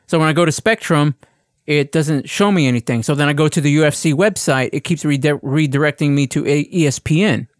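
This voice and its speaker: Animated, swearing man telling a rant. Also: a little high, fairly quick, hardly any pauses, dry recording, clean studio sound. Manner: animated ranting storyteller, swears freely. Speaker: podcast co-host. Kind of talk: casual chat.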